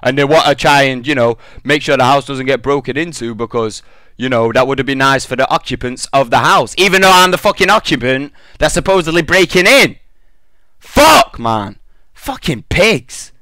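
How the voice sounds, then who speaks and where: A man's voice: medium pitch, expressive, moderate pace, bright, forceful tone, no room sound. A young British man in a gaming commentary rant, telling an angry, profane story.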